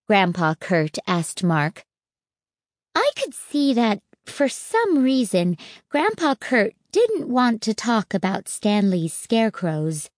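A woman narrates a storybook in the first person with a steady, unhurried delivery. Her voice is mid-pitched and sounds close and dry, with no room around it. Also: dry recording. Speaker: audiobook narrator.

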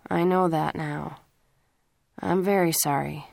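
A woman's voice: low voice, steady tone, slow pace, gravelly, a little mellow, no room sound, exaggerated voice. A remorseful teenage boy owns up to his parents in an audiobook, read by a woman. He speaks earnestly and apologetically. The sound is dry and close. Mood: apologetic.

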